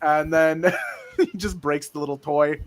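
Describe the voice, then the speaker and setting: A man on a casual podcast, animated and laughing as he talks about comics. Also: a little high, measured pace, no room sound. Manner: laughing, animated, swears freely. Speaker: podcast co-host.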